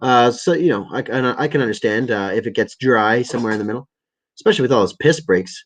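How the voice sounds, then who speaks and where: A man's voice: medium pitch, expressive, quick pace, rough recording. Tired, swearing man hosting a livestream. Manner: stumbling, self-correcting reading with frequent swearing. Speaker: livestream host. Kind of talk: casual live-stream chat, reading articles and viewer comments.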